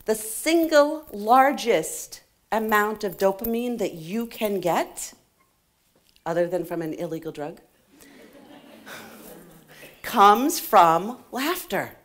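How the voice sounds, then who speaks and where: A middle-aged woman giving a playful, animated motivational talk to a live conference audience, laughing often and joking with the crowd. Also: medium pitch, slow pace, pauses often. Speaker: conference speaker. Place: conference hall stage.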